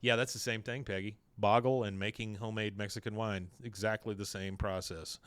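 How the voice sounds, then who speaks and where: A man's voice: lowish voice, fairly even intonation, a little fast, a bit bright, clean tone, no room sound. A man hosting a podcast, chatting casually while he recaps an episode and reads out lines. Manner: chatty, reads out quotes with laughs. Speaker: podcast host.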